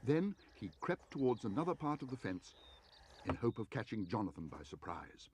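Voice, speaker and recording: A man streaming from home, reading a children's storybook aloud in an expressive, animated way. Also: fairly low pitch, moderate pace, a little hiss or hum.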